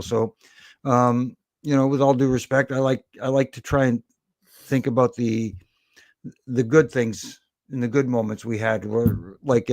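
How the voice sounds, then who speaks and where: A man's voice: mid-range voice, darkish tone, dry recording, clean studio sound. Chatty middle-aged man telling stories. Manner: friendly storyteller, many fillers and restarts. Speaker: guest, former wrestling referee. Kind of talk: casual interview chat.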